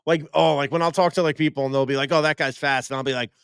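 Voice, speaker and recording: Excitable young man, bright voice. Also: fairly high pitch, rapid-fire, clear, resonant tone, no room sound. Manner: excitable, animated storyteller who slips into impressions. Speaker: co-host. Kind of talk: casual sports chat.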